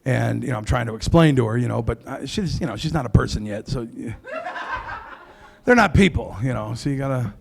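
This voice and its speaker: A man's voice: medium pitch, animated, brisk, creaky, slightly rough. A man doing stand-up comedy in a comedy club, brash and crude with mock outrage.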